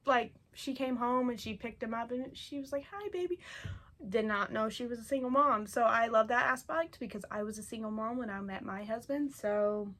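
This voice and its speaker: A young woman, a book vlogger, chats at home in a casual monthly reading wrap-up about the books she read this month. Her voice is on the high side and a bit bright, and she gushes and rambles with lots of fillers and repeated words.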